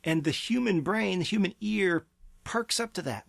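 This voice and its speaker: Man, gravelly and fairly high-pitched, earnest parenting advice in a dry, close sound. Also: animated, moderate pace, a bit bright, no room sound. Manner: earnest, emphatic, acts out parent and child quotes. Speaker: pediatric therapy clinic presenter. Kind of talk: advice talk to camera.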